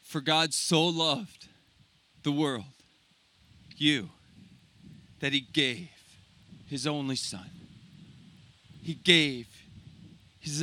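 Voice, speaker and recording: A man preaching a sermon, impassioned at times and dropping to soft, slow, intimate tones on key phrases. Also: on the high side. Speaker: pastor.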